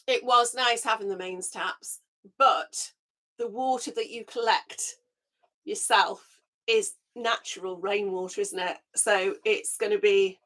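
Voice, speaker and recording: A woman hosting a casual live gardening chat through her webcam microphone, chatty and quick to laugh, her voice a little squeaky as it recovers. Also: fairly bright tone. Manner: chatty, laughs often, greets viewers by name. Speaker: gardening channel host.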